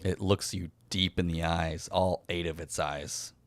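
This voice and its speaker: A man with a very low voice narrates an improvised fantasy adventure as game master. His delivery is relaxed and chatty, and he laughs often. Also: measured pace, dry recording.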